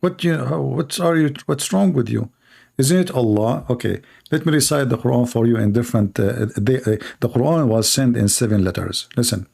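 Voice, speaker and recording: Gravelly sarcastic male debate host. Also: mid-range voice, normal speed, warm tone. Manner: sarcastic, taunting, breaks into parody singing. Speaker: live stream host debating Muslim callers. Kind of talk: casual mocking debate talk.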